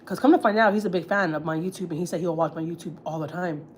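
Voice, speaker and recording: A woman's voice: on the low side, quick pace, slight background noise. Heated, profane woman telling gossip. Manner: blunt, heated and profane, with lots of fillers. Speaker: family vlogger on a livestream. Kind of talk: casual storytelling, gossip.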